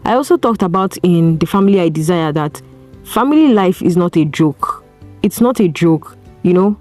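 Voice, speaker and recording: A woman's voice: lowish voice, expressive, moderate pace, a little mellow, soft background music. A woman with a Nigerian accent hosting an advice podcast, speaking earnestly and piling up rhetorical questions. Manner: earnest, preachy, asks strings of rhetorical questions. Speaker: podcast host. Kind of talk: solo advice talk.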